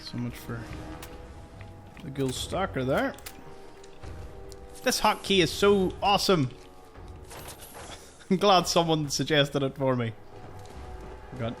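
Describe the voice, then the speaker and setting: A man's voice: on the high side, expressive, slow, pauses often, fairly bright tone, soft background music. A man giving chatty, joking let's-play commentary. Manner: chatty and jokey. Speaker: gaming youtuber.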